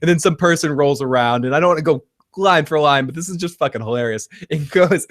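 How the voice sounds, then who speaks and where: Man, recap co-host, slightly high voice, lively and laughing, acts out lines. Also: fast talker. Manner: animated, laughs often, acts out quotes. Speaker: podcast co-host. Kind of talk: casual recap chat.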